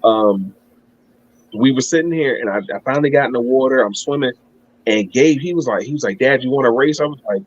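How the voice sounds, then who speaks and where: A man's voice: mid-range voice, lively intonation, fairly quick, lo-fi sound. A man telling a long, rambling story in casual chat, swearing and laughing at himself. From Maryland. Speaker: guest.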